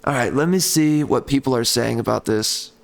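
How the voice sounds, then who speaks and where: A man's voice: mid-range voice, moderate pace, vocal fry. A man giving casual gameplay commentary as a video creator, ranting in frustration with frequent mild cursing.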